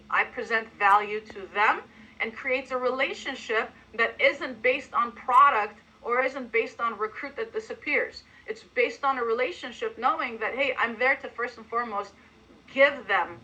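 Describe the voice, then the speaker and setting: A woman giving an energetic coaching talk to a sales team, acting out sample pitches with emphatic delivery. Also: moderate pace, poor audio. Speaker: sales trainer.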